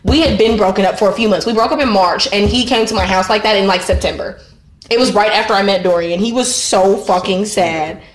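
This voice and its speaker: A woman co-hosting a podcast, telling a story in a blunt, profane, animated way. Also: medium pitch, fairly quick. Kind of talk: casual storytelling chat. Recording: roomy echo.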